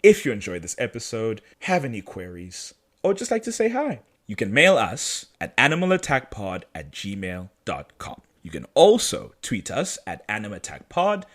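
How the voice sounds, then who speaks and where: A man co-hosting a podcast, casually recapping a TV episode with lots of laughter and excitement. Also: on the low side, moderate pace, hardly any pauses. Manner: animated, laughing storyteller. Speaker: podcast co-host.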